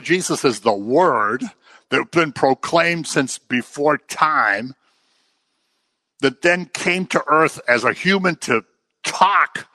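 A man preaching a sermon, joking with the congregation and acting out quotes in lively voices. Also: on the high side, no room sound. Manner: jokey, animated preaching with acted-out quotes. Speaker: pastor.

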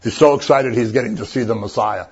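A man's voice: medium pitch, quick pace, husky. A man preaching a sermon as a pastor, conversational and joking as he retells the story. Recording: dull lo-fi recording.

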